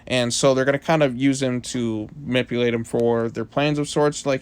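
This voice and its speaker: A man talks through a comic book issue in a loose, casual review. His voice sits at a medium pitch, and his talk rambles with plenty of fillers and restarts. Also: fairly even intonation, normal speed, few pauses, smooth.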